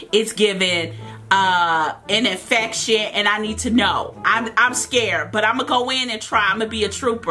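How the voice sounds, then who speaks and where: A young woman giving sassy comic commentary over a pimple-popping game, squealing loudly in disgust. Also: medium pitch. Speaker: gaming vlogger.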